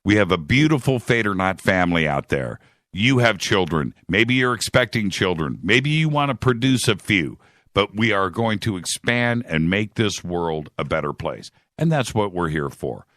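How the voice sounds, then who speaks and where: A man hosting a radio show, speaking in a heartfelt, halting way with frequent restarts. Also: low voice, expressive, a bit bright, no room sound, clean studio sound. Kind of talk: heartfelt monologue.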